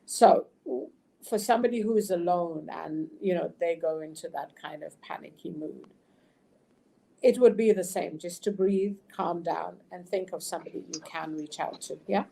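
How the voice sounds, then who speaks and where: A woman's voice: on the low side, normal speed, creaky, warm tone, slightly rough. A woman hosting an interview who sums up her guest's points and laughs often. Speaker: interview host. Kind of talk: casual interview chat.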